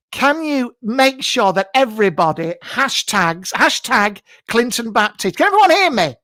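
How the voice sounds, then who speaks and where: A man's voice: extremely high pitch, sharp tone, no room sound, studio quality, heavily acted. A man playing a brash, camp male psychic medium, hosting a live comedy show from his garage, teasing guests bawdily. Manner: bawdy, teasing, breaks into frequent laughter. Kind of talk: improvised live-stream comedy character. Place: double garage at home. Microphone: computer mic on a live stream.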